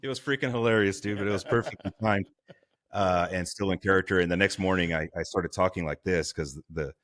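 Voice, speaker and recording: A man with a very low, deep voice tells a story as a podcast guest. He talks casually and with animation, laughing along and acting out the voices of the people in his story. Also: fairly quick. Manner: animated, laughing, acts out quotes. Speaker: guest, firefighter.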